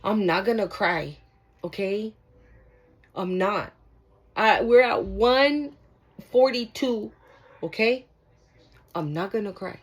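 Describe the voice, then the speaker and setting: A woman's voice: medium pitch, slow pace, long pauses, husky, low-quality recording. A woman giving a casual tarot card reading to viewers, talking emphatically and repeating herself, with frequent swearing. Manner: emphatic, repetitive, profane, addresses viewers directly. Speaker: tarot reader.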